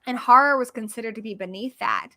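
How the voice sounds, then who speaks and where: A woman's voice: on the high side, fast talker, bright, forceful tone, dry recording. A woman co-hosting a casual horror movie livestream, chatting at length about film history in a rambling, enthusiastic way. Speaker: podcast co-host.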